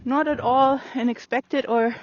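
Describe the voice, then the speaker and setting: Calm coaxing woman, higher voice. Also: unhurried, dry recording, highs cut off. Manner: calm, coaxing, many fillers. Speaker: horse trainer. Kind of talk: explaining training while working a horse. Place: outdoor open riding arena.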